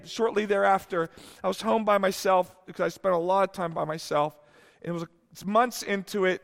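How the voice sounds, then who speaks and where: Male pastor in his 50s, high voice, sermon with long hall reverb, candid storytelling. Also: creaky. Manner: candid storytelling, swings from hushed to exclaiming.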